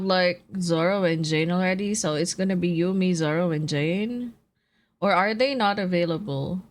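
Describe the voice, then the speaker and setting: A young woman streamer chatting casually with viewers in a low, groggy voice from just waking up, laughing and swearing easily while she eats. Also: fairly even intonation, normal speed. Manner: laid-back, laughs often, swears casually, chats with viewers while eating. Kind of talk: casual live-stream chat.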